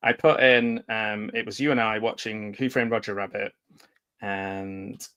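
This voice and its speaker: A man's voice: lowish voice, fairly even intonation, a little slow, sharp tone, clear, resonant tone. A man co-hosting a casual movie watch-party stream, hesitant and self-deprecating, laughing often. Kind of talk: casual chat.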